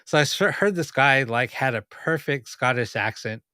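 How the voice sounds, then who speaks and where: Bright, clear-voiced male podcast host. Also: mid-range voice, expressive, moderate pace, no echo, clean studio sound. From United States (Los Angeles). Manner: rambling anecdotes with many fillers and restarts. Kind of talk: casual podcast chat.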